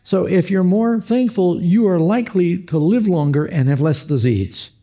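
A man's voice: high-pitched, expressive, normal speed, dark tone. A man preaching a sermon, telling stories with acted quotes and chuckles. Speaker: pastor.

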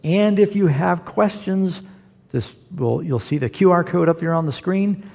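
A man's voice: sits high, unhurried, creaky, darkish tone. A man preaching as a pastor, explaining Bible verses to a live audience in an emphatic, explanatory way. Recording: long hall reverb.

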